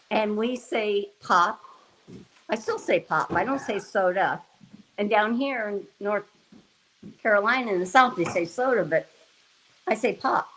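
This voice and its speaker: A woman with a mid-range, a bit bright voice hosts a cooking livestream, rambling casually with her viewers, often laughing and restarting. The recording is rough, with slight background noise.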